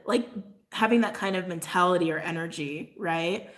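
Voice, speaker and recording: A woman's voice: lowish voice, steady tone, measured pace, long pauses. Rambling, ranting woman host. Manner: rambling, ranting, heavy use of "like", laughs often; apologetic asides. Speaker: tarot channel host. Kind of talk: casual livestream chat.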